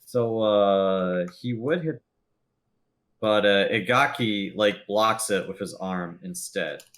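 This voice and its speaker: A man's voice: lowish voice, slow, a bit bright. A man running a tabletop game as game master, narrating loosely with lots of fillers and laughs.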